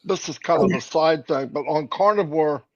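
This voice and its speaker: A man's voice: a little high, normal speed. A man co-hosting a casual live stream, rambling and joking with many fillers and restarts. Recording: dull lo-fi stream audio.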